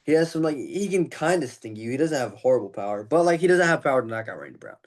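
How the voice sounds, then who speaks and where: A man's voice: mid-range voice, big pitch swings, fast. A man talking through fight predictions in a loose, rambling way, with plenty of fillers. He sounds tired and a little out of breath. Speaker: podcast host giving fight predictions. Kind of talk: casual fight breakdown.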